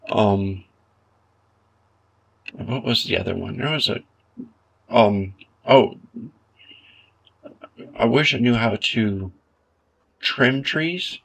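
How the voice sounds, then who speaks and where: A man giving relaxed, self-deprecating commentary while he plays a game, thinking aloud as he goes. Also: on the low side, drawn-out words, creaky, pauses often, husky. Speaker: gaming video creator. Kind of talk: casual gameplay commentary.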